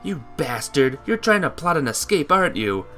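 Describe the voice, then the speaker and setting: A man's voice: fairly high pitch, very animated, moderate pace, pushed and bright, soft background music, pitched above the performer's own voice. A man voicing a scornful, hostile young female witch, reading game dialogue in a sneering, threatening way. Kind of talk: game dialogue read aloud.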